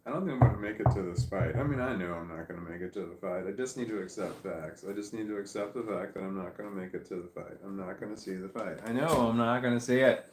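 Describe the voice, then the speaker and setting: A man talks on and on at home, sleepy and meandering, pleased with his own stories. His voice sits a little low. The room gives it a noticeable echo. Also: quick pace, few pauses, noisy background. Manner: meandering, chatty, self-amused. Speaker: vlogger. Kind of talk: casual rambling monologue.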